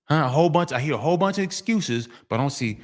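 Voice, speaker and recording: A middle-aged male vlogger, speaking fast in a slightly high, animated voice, delivers a preachy, repetitive street monologue, often slipping into sing-song refrains.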